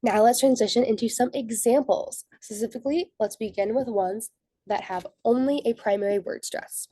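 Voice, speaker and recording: A woman's voice: a little high, moderate pace, warm tone, slightly rough, dry recording. A young woman, a student, giving a methodical scripted slide presentation for a class. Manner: methodical, reads from prepared notes.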